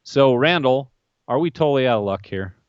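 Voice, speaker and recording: A man's voice: medium pitch, expressive, brisk, smooth, no echo, muffled recording. A man hosting a political podcast, opinionated and wry, asking pointed questions. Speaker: podcast host.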